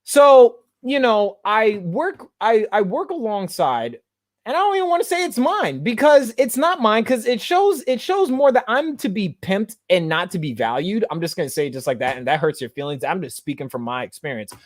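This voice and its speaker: A man's voice: high-pitched, very animated, normal speed, hardly any pauses, no echo, studio quality. A man hosting a podcast, speaking in a blunt, slangy, digressive monologue. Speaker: podcast host and activist. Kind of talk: casual monologue.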